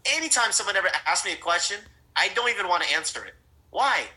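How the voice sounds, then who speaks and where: Talking fast in a high-pitched voice, a middle-aged network marketing trainer tells a story during a sales training talk. He's animated, addresses his audience directly, and frequently restarts and repeats words, all on poor audio.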